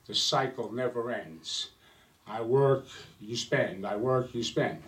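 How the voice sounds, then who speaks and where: A man voicing a weary middle-aged uncle, complaining slowly and flatly, a bit back from the mic. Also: mid-range voice. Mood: exasperated. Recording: voice slightly distant from mic.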